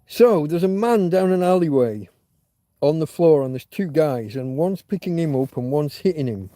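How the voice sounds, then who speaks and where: A man's voice: fairly high pitch, expressive, moderate pace, warm tone, dry recording. A man hosting a casual livestream chat, telling a long story with many restarts and fillers, candid and swearing now and then. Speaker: livestream host.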